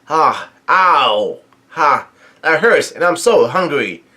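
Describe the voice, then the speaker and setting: A man putting on the voice of a brash young male pirate hero, yelling out pained, hot-headed lines while reading a comic aloud. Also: a little high, big pitch swings, slow, heavily acted.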